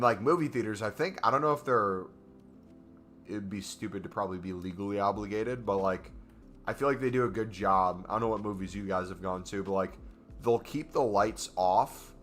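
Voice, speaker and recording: Young male streamer, bright forward voice, rambling chatty delivery, faint music under him. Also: fairly low pitch. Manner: rambling, filler-heavy storytelling. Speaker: gaming streamer. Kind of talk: casual stream chat.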